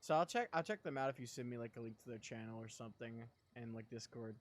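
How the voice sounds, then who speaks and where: With a mid-range voice and a fast pace, this young man chats casually on his live stream, excitable and rambling, frequently laughing while sounding sleepy.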